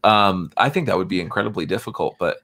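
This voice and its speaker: Low-voiced man, halting podcast chat. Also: pushed and bright. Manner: hesitant, lots of fillers and restarts. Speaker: podcast co-host.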